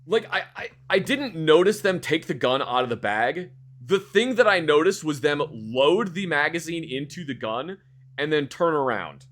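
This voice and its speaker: A man streaming a game, telling a story in a casual, animated way, acting out the scene, swearing and repeating words. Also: a little high, moderate pace.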